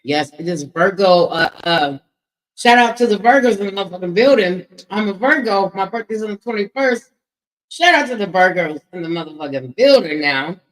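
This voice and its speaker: A middle-aged woman hosting a casual livestream, loudly greeting viewers by name and swearing freely, speaking. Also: mid-range voice, lively intonation, moderate pace, low-quality recording. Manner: loud, playful, shouts out chat names, swears freely. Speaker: livestream host. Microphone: microphone with echo.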